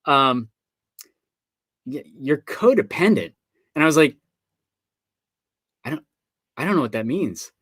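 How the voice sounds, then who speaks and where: A man's voice: a little high, very animated, a little slow, long pauses, a bit bright, husky, no room sound. Chatty man telling stories on a stream. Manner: chatty storyteller, acts out quoted voices. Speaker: author hosting a live online book signing. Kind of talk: casual video-call chat.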